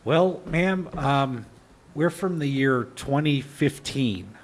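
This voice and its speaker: A man's voice: medium pitch, expressive, slow. A man voicing a polite, formal time-traveler leader in a tabletop role-play. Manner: formal, addresses people as ma'am and sir.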